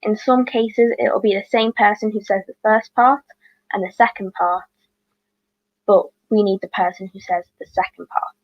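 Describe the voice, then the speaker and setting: A woman reading out quiz questions as host, with chatty, apologetic asides and quick self-corrections. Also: medium pitch, fairly even intonation, dry recording, muffled recording.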